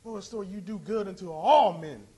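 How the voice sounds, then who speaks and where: Male preacher, very high voice, impassioned delivery that climbs into shouting. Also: breathy edge. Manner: impassioned, rising to shouts, drawn-out emphasis. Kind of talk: sermon.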